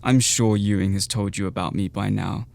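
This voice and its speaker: A man's voice: fairly low pitch, fairly even intonation, normal speed, vocal fry, darkish tone, no echo, pitched below the performer's own voice. An English man voicing a flippant young Valley Girl in a breezy, drawling, sing-song way, recorded in a closet. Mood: chirpy.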